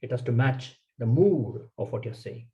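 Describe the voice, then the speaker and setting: A man's voice: medium pitch, expressive, normal speed, dark tone, lo-fi sound. Emphatic man coaching speakers. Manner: emphatic, coaching, short instructive sentences. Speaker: public speaking trainer. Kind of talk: workshop lecture.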